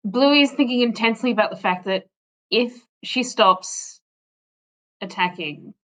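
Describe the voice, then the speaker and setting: A woman's voice: medium pitch, measured pace, a bit bright, rough recording. A woman player in an online tabletop game, hesitantly thinking aloud about her character's choices. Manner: thinking aloud, hesitant, swears when frustrated.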